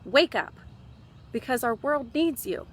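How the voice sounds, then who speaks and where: A woman's voice: high-pitched, lively intonation, unhurried, a bit bright, slight background noise. A woman giving an impassioned talk to fellow Christians, scolding them with repeated rhetorical questions and urging them to act. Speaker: Christian speaker.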